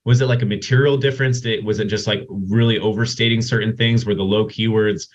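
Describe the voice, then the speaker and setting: A man hosting a casual software Q&A webinar over a video call, chatty and loose. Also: lowish voice, steady tone, fairly quick. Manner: chatty, many restarts and "like"s. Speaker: host of software Q&A. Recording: dull lo-fi call audio.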